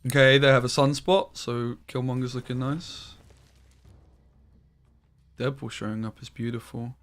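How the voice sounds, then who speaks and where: Bright-voiced man streaming a game. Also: mid-range voice, fairly even intonation. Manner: casual, swears freely, quick to get frustrated. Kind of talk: gameplay commentary.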